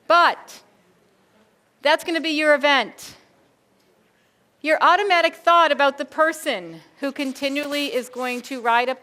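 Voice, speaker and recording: A middle-aged woman speaking as a school behavior consultant, giving a lively keynote talk to an audience of educators and calling them folks. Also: fairly high pitch. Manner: animated, addresses audience as folks, acts out quoted thoughts.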